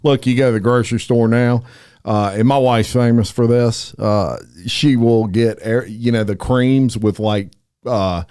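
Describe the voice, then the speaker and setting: A man's voice: mid-range voice, a little slow, smooth, no echo, clean studio sound. A middle-aged man, hosting a podcast and telling folksy stories in a casual interview chat. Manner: folksy storyteller, lively and laughing. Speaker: podcast host.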